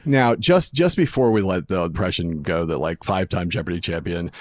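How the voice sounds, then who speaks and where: Fast-talking teasing podcast host. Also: male voice, low-pitched, expressive, a little mellow, no echo, studio quality. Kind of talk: casual chat.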